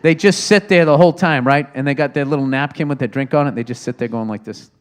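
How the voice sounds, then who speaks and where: A man hosting a podcast with a comedic monologue. He rants profanely and swings between loud outbursts and low muttering. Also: quick pace. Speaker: podcast host.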